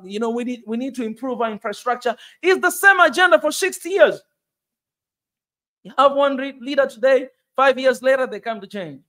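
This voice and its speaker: Tanzanian-accented man, high voice, impassioned car vlog on rough roads, sweaty, repetitive, fired up. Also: a bit bright. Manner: emphatic, repetitive, rising to anger. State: sweating on a bumpy ride. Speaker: vlogger. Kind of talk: passionate commentary vlog. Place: moving car on a bumpy road.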